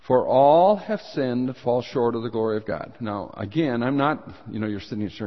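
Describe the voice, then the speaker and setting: Male pastor, earnest sermon delivery, mid pitch, dull recording in a reverberant church. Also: animated, moderate pace, hardly any pauses. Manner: earnest preaching, rising and louder when reading scripture. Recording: dull sound with long hall reverb.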